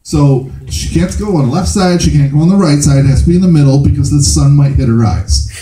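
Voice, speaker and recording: A man in his thirties doing stand-up storytelling, animated and laughing through his own tale in a small live venue. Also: on the high side, fast. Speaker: storytelling comedian. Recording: echoey room with faint noise.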